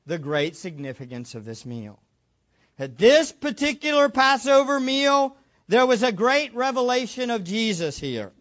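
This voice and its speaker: A man's voice: very high-pitched, very animated, a little slow, a bit bright, dull audio. A man preaching a sermon, asking questions of the congregation and stressing his points. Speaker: pastor.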